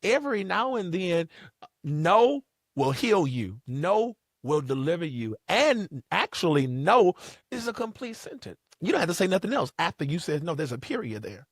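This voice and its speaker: A man's voice: high-pitched, big pitch swings, normal speed, no room sound, clean studio sound. A man hosting a podcast, delivering motivational advice in an emphatic, repetitive preacher's cadence. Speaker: podcast host.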